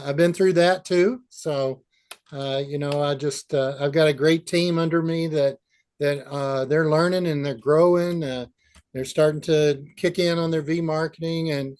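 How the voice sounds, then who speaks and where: Man, middle-aged, humble, halting, video call, higher-pitched. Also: fairly even intonation, a little mellow, clear, resonant tone. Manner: humble, halting with many fillers. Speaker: new team instructor. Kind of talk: casual acceptance remarks.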